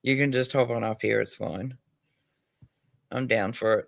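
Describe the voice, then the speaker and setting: A man's voice: mid-range voice, fairly even intonation, moderate pace, creaky, long pauses, no room sound. An Australian man hosting a casual livestream, talking crudely, swearing and laughing often. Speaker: livestream host.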